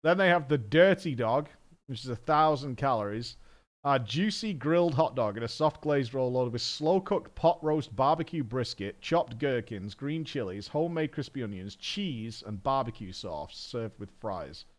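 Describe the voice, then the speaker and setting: Animated man chatting on stream. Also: mid-range voice, moderate pace. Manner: rambling, swears casually, reads a menu aloud with asides. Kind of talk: casual chat while gaming.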